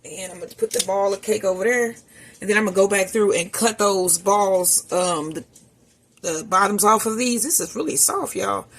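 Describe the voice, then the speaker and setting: A woman's voice: medium pitch, normal speed, slight background noise. A woman chatting casually to her viewers while she cooks in her home kitchen, calling them y'all. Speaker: home cooking vlogger. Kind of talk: casual cooking vlog narration.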